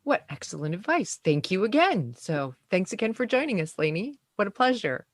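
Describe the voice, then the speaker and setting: Woman podcast host with an appreciative, mid-pitched voice who thanks her guest warmly. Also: very animated, moderate pace. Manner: gracious and appreciative. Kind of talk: interview hosting.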